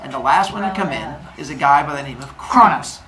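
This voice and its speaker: Woman storyteller, lively and casual, low-set voice, audience heard in the room. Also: brisk, a crowd in the background. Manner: casual, chatty, jokey asides. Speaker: storyteller speaker. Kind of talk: comic retelling of myth to a live audience. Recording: live room with audience noise.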